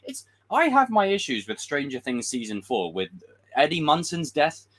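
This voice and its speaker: A man's voice: on the high side, wildly swooping pitch, normal speed, a bit bright. A man giving a casual, frustrated livestream rant as a film commentator, swearing and acting out quotes.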